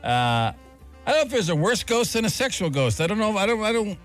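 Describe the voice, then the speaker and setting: A man hosts a radio show with casual, animated banter, his pitch rising and falling widely. He laughs often as he tells his stories. Faint music sits underneath. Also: a little fast. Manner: animated storyteller, laughs often, jumps into a high register.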